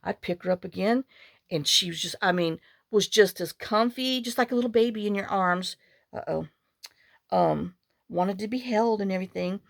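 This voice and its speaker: A woman's voice: medium pitch, normal speed, creaky, no room sound, clean studio sound. A woman vlogger chatting casually while making a journal, rambling through stories and muttering to herself as she works. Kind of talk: casual chat while crafting.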